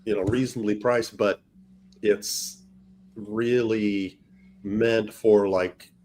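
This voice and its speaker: Man, co-host, casual livestream chat, easygoing, agreeable, lower voice. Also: flat delivery, takes it slowly, a little mellow. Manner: easygoing, explaining with many yeahs.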